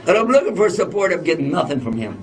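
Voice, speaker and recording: A man's voice: on the high side, big pitch swings, fast talker, crowd noise. A man, telling a humorous personal story in a loose, self-mocking, chatty way during a lecture. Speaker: Islamic lecturer. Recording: voice picked up from a distance.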